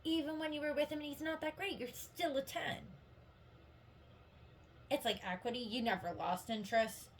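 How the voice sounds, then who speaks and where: A woman's voice: sits high, normal speed, pauses often, slight background noise. Chatty woman giving a tarot reading. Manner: chatty and rambling, heavy use of "like"; giggly, upbeat and encouraging. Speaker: tarot reader. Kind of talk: casual tarot reading to viewers.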